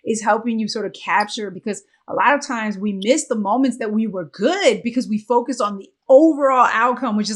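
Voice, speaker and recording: A woman's voice: fairly high pitch, brisk, hardly any pauses. A woman hosting a sports psychology podcast, chatting casually and gushing with enthusiastic praise between questions. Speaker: podcast host. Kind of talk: casual interview chat.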